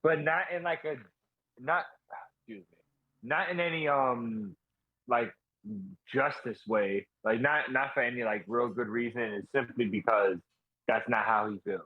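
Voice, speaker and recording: A young man co-hosting a podcast in relaxed, halting, slangy chat. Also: medium pitch, no echo, narrow, tinny audio. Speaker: podcast co-host. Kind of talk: casual chat.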